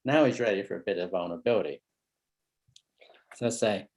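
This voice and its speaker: A man, a family therapist, gives a parenting training talk in a relaxed storytelling manner, acting out short exchanges and pausing to build suspense. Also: deep voice. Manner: relaxed storytelling with role-played dialogue.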